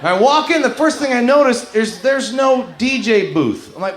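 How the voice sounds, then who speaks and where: High-voiced comic working a loud club. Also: male voice, moderate pace. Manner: animated storytelling, profane, acts out characters. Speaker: stand-up comedian. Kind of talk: stand-up comedy set. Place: comedy club stage before a live crowd. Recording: echoey club room, loud crowd noise. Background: audience laughter.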